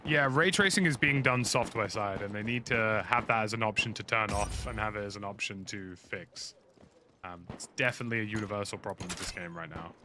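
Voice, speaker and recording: A man's voice: lowish voice, fairly quick. A young British man chatting casually and rambling through frank opinions while streaming a game. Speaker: gaming streamer. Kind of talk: casual commentary while playing. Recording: noisy game audio underneath.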